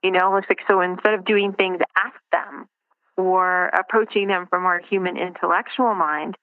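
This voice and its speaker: A woman's voice: on the low side, steady tone, normal speed, dry recording. A woman speaks in a reflective, searching way, often restarting her sentences. Her voice comes through a thin, phone-like line. The sound is dry and close. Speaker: guest. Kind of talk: casual interview over the phone.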